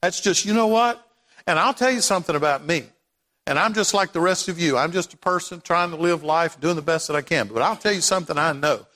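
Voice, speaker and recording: High-voiced preacher in a ringing hall. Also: male voice, brisk, sharp tone. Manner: impassioned preaching, rising to emphatic repetition. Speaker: pastor. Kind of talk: sermon. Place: church sanctuary. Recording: long hall reverb.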